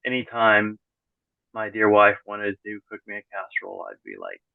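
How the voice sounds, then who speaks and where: A man's voice: lowish voice, sing-song, moderate pace, vocal fry, dry recording. A middle-aged man, a podcast guest, talks casually in an interview, rambling and correcting himself as he goes, with dry, sarcastic humor. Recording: tinny phone-like call audio.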